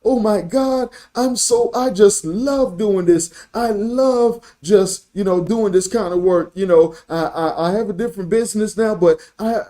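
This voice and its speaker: A man's voice: high voice, a little slow, hardly any pauses, dark tone, voice pushed up. A man putting on a gushing young tech support woman. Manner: breathless, apologetic, bubbly.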